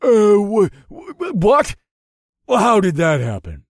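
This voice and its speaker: A man voicing a clumsy, hot-headed male swordsman who shouts and blusters. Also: high-pitched, huge pitch swings, slow pace, dry recording, clean studio sound, pitched above the performer's own voice, full character voice. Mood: flustered. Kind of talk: audiobook character voice.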